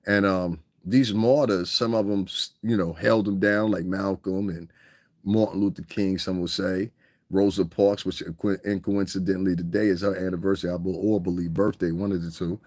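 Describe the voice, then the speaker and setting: A man hosting a podcast in a casual, animated monologue, swearing and mimicking other people's voices. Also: sits low, moderate pace, dry recording, studio quality. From United States. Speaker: podcast host.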